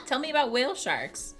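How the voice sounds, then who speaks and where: A woman hosting a casual livestream from home, chatting with viewers in a giggly, animated way with casual swearing. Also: sits high. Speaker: livestream host.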